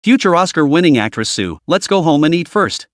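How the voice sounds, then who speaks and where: A smug, self-assured young husband, read by a man in a recapped comic story, with a teasing, mocking way of talking. His voice sits fairly high and moves about a lot, recorded close and dry. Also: very animated, fairly quick, no room sound.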